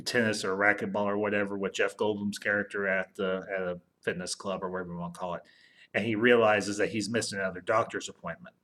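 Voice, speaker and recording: Retelling a movie's plot on his podcast, a man speaks in a lowish voice with a fairly bright tone. It's a casual, rambling recap where he often restarts and repeatedly adds "and everything."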